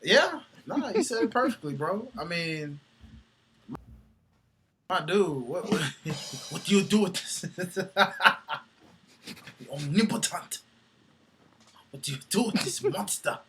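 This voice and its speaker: A man co-hosting a casual wrestling chat, laughing often and breaking into loud impressions. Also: high voice, sing-song, slow, pauses often, slight background noise. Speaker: podcast co-host.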